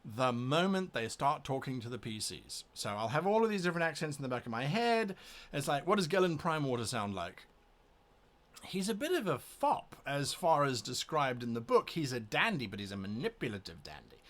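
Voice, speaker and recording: A game master chats casually to the camera before a tabletop session, thinking aloud as he explains his prep methods. His mid-range voice is very animated, a little fast, and a bit bright.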